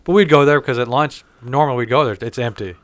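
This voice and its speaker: A man's voice: mid-range voice, fast talker, no echo. A man, co-hosting a casual chat and ranting with plenty of swearing. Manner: profane, ranting. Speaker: co-host.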